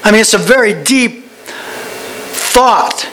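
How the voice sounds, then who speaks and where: A man's voice: sits high, takes it slowly, background noise. A man teaching a Bible study in a conversational way. He is digressive and often restarts and repeats words.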